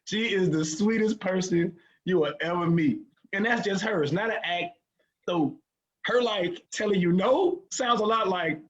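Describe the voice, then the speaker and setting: A man co-hosting a casual podcast chat, teasing his friend with loud laughs and profanity. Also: sits high, animated, unhurried, dull audio. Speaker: podcast co-host, hip hop artist.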